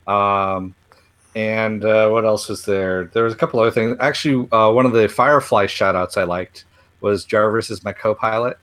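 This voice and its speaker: A man's voice: on the low side, steady tone, moderate pace, a bit bright. A man co-hosting a casual movie review chat, laid-back and matter-of-fact. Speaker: podcast co-host.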